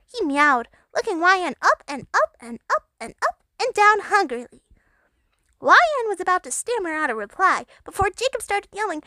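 A woman's voice: very high voice, very animated, normal speed, pushed and bright, dry recording. A woman narrating an absurd comedic fanfiction with mock-dramatic delivery.

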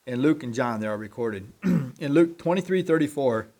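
Man, lay preacher, mid-pitch voice; unscripted, halting sermon delivery, frequent throat clearing. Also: animated, darkish tone.

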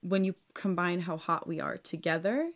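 A woman's voice: lowish voice, normal speed. A woman co-hosting a podcast in casual chat, bubbly and teasing, laughing often. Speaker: podcast co-host. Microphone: call recording.

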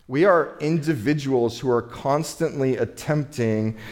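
A man's voice: mid-range voice, darkish tone. A man from the United States preaching a sermon in a conversational, relatable way, with rhetorical asides to his listeners. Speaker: pastor.

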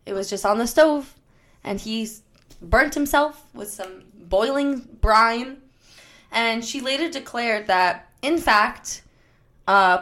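A woman's voice: on the high side, fairly bright tone. Giggly woman telling a crime story. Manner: giggly, swears casually. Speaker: podcast host telling a true-crime story. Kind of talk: casual storytelling chat.

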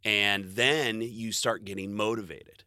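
A man's voice: lowish voice, steady tone, slow, pushed and bright, no room sound, studio quality. A man giving a casual, rambling motivational monologue, swearing freely, laughing often and cutting himself off mid-thought. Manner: profane, rambling, self-interrupting, laughs often. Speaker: vlogger.

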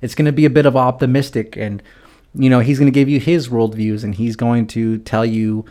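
Brief: young male podcast host, mid-pitched, rambling solo chat with profane dark humor. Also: steady tone, fairly quick. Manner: rambling, profane, darkly joking. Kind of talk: casual solo podcast monologue.

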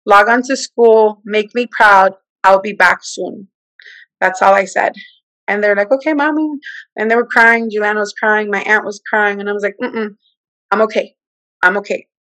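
A woman in her forties tells her personal testimony in conversation. She is an animated storyteller who acts out the voices she quotes. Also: mid-range voice, moderate pace, no echo, low-quality recording. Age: 40s. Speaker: guest.

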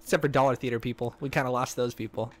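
A man's voice: mid-range voice, fairly even intonation, very fast. A man co-hosting a casual movie podcast, joking around and rambling, often trailing off mid-thought. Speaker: podcast co-host. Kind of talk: casual banter.

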